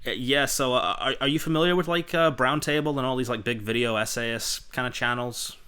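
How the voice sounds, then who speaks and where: A man's voice: medium pitch, fairly quick, sharp tone, clean tone. A young man hosting a casual chat, telling stories in a rambling, enthusiastic way full of fillers. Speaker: podcast host.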